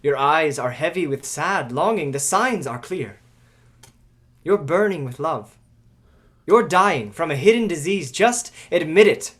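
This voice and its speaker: A loyal tutor urging a prince to admit his love, played by a man in a stage tragedy. His voice sits a little high and he coaxes in steady, declamatory phrases. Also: unhurried. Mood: coaxing. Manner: persuasive, coaxing, declamatory. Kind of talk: stage drama acting.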